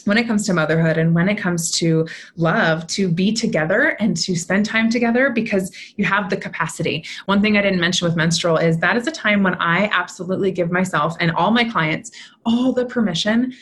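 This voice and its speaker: Chatty low-pitched woman mentor. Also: a little fast, fairly bright tone. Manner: chatty, upbeat, explaining with lots of "right?". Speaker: podcast guest, mentor. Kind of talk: podcast conversation.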